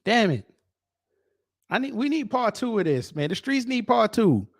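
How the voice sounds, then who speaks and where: A man's voice: sits high, big pitch swings, normal speed. Slangy man reacting to clips. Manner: slangy, laid-back running commentary. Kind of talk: casual reaction commentary.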